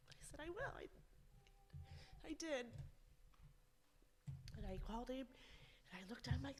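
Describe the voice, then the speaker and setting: A woman delivers a eulogy at a funeral home, telling stories about her nephew with raw emotion. Her voice sits a little high and keeps sinking into whispers. Clear background noise runs under the recording. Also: expressive, normal speed, pauses often. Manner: emotional, storytelling, dropping to whispers. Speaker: aunt giving a eulogy.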